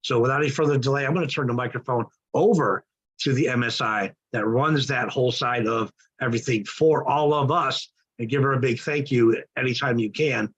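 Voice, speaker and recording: A man hosting an online training call who warmly introduces the next speaker. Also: medium pitch, brisk, husky, dull audio. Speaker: host introducing a guest. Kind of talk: enthusiastic introduction.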